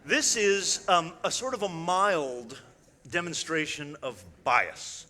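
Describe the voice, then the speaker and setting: Male illusionist on stage, crisp bright voice, wry chatty delivery, long hall reverb. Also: on the high side, lively intonation, takes it slowly. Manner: chatty, wry, addresses the audience directly with frequent asides. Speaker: illusionist giving a talk. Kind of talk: conversational stage presentation.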